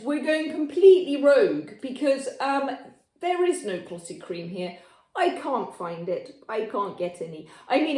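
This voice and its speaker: High, lively woman chatting in an echoey kitchen. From Devon, England. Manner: rambling, playful, self-described natterer. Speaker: cooking channel host. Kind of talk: chatty cooking vlog. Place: home kitchen.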